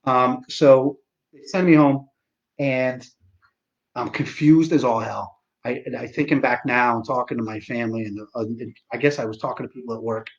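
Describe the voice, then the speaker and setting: A man's voice: medium pitch, fairly even intonation, normal speed, dull audio. Rambling, profane man in his forties. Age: 40s. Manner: rambling and profane, with restarts and self-deprecating asides. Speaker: host of a live stream. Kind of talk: casual live-stream storytelling.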